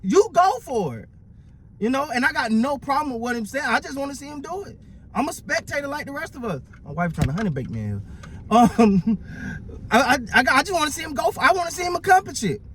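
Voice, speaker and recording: Excitable guy riffing on basketball, kinda high voice, faint noise in the background. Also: brisk. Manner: animated, repeats words, laughs often. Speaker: sports commentator. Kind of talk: casual sports talk.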